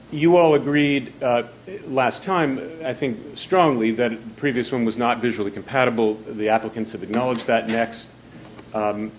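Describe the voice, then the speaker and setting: A man's voice: mid-range voice, slight background noise. Breathless apologetic man testifying. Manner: apologetic, hurried, halting with fillers. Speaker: neighborhood association representative. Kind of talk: public comment testimony.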